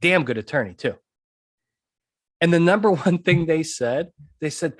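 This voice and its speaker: A man speaks emphatically in a podcast monologue, hammering home his points through repetition. His voice is pitched slightly high and sounds dry, close and free of room echo. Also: animated, normal speed, long pauses. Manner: emphatic, repeats key points, asks "okay?". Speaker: podcast host and trial consultant.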